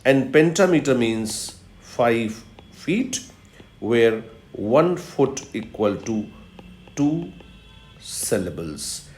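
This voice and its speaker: Male professor, unhurried lecture, repeats key terms, echoey room. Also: mid-range voice, big pitch swings, darkish tone, faint music behind. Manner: explains step by step, repeats key terms, frequent "uh" fillers. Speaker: professor of literature. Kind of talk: recorded video lecture. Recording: roomy echo.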